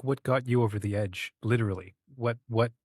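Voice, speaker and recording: A man's voice: medium pitch, a little fast, darkish tone, slightly rough, dry recording, clean studio sound. A man hosting a podcast, asking questions and offering short affirmations. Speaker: podcast host. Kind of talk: interview questions.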